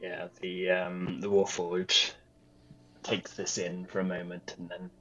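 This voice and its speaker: A man playing a tabletop game who describes his character's actions in a halting way, with many pauses and restarts. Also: deep voice, monotone, a bit bright, soft background music, poor audio. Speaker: player.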